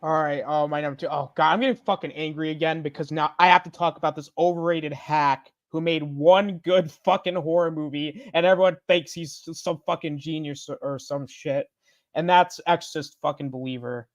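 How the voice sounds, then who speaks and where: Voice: mid-range voice, fairly even intonation, normal speed, dry recording. An adult film reviewer on a live online panel, ranting in heavily profane language over a video call. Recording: dull, dry lo-fi call audio.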